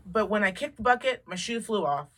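Woman podcast co-host, animated and profane storyteller, bright forceful voice, mid pitch. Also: a little fast. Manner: animated storyteller, swears freely, acts out quotes. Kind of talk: casual chat.

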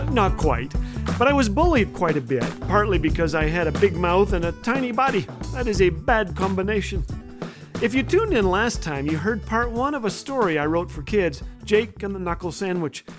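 A man hosting a humor show, reading his own children's story aloud with a playful, jokey delivery. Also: high voice. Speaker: host and storyteller.

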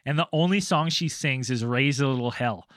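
A young man co-hosting a podcast who tells long, rambling stories in a casual, animated way and swears freely. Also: medium pitch, fairly quick, dry recording, studio quality. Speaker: podcast co-host. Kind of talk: casual storytelling.

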